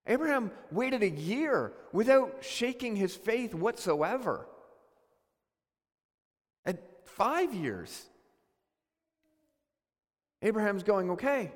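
Male pastor, sermon delivery, earnest and questioning, high-pitched, hall echo. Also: very animated, slow, long pauses. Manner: earnest, questioning, with many restarts.

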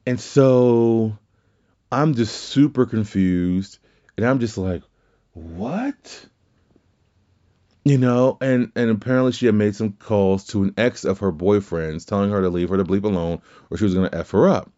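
Low, mellow-voiced man telling stories. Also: normal speed, lo-fi sound. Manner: rambling, profane, self-correcting. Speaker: podcast host. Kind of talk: casual storytelling chat.

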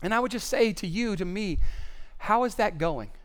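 A man delivers a sermon in a high, smooth voice with a resonant ring. He is animated and conversational, rising to loud emphatic bursts and then dropping to quiet, solemn passages. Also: moderate pace. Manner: animated, swings from loud to hushed. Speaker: pastor.

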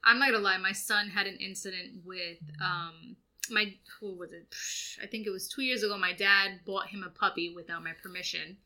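Woman, thirties, bright tone, swears freely, jokey storyteller, casual chat. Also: medium pitch, steady tone, normal speed. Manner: profane, joking storyteller. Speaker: podcast co-host.

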